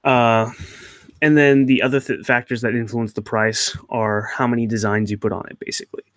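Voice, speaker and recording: A man's voice: mid-range voice, level tone, moderate pace, no echo, studio quality. A young man hosting his channel, answering viewer questions in a rambling, hesitant way with many fillers and restarts. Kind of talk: casual Q&A chat.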